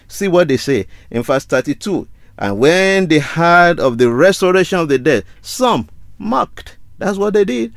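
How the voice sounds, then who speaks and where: A man delivering a sermon in a fairly high voice, building his points through repetition and rhetorical questions. The sound is dry and close, with no room echo. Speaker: preacher.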